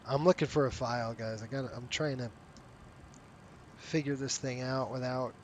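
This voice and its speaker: A man talking his way through a flight simulator stream, voice pitched right in the middle, drifting from one thought to the next and breaking off his own sentences. He sounds tired and keeps yawning, and he speaks to the viewers directly as friends. Faint low rumble sits under his voice. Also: steady tone, moderate pace. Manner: rambling, self-interrupting, talks to viewers as "you guys". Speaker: flight sim streamer running a virtual airline. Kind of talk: casual live-stream chat over gameplay.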